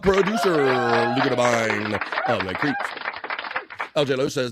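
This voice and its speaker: A man's voice: a little high, dry recording, studio quality. Joking man hosting a livestream. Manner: loose, joking, reads chat aloud with bursts of excitement. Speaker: livestream host. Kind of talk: casual chat reading viewer comments.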